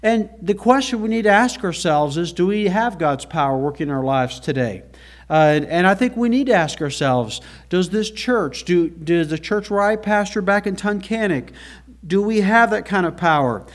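A man's voice: sits high, expressive, normal speed. A male pastor preaching a sermon to a church congregation, earnest and folksy, with rhetorical questions.

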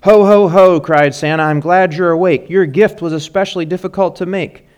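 A man's voice: sits high, fairly even intonation, moderate pace, clear, resonant tone, voice pushed up, lightly acted. A man voicing a jolly old Santa Claus while reading a Christmas poem aloud.

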